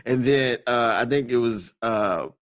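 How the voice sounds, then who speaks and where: A man hosting a podcast live stream in casual chat, emphatic and quick to laugh, repeating his points for effect. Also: mid-range voice.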